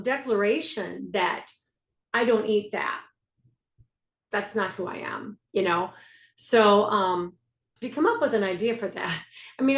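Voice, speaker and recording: A woman leading a faith-based health coaching group on a video call, earnest, repeating key phrases and laughing at herself. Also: mid-range voice. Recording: echoey room.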